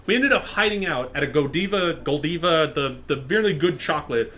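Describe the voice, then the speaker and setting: A young man casually telling a funny personal story, acting out the people in it with a louder raised voice, over faint background music. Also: fairly high pitch, a little fast, hardly any pauses. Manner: animated, acts out quotes in louder raised voice. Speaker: storyteller and channel host. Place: online virtual social space.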